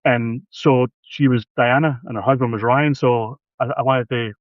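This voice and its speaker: A man's voice: mid-range voice, steady tone, normal speed, no echo. A man in his fifties, an author telling stories in a rambling, casual way, on a video call. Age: 50s. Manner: rambling, restarts a lot. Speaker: author guest. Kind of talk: casual storytelling. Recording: tinny phone-like line, dry.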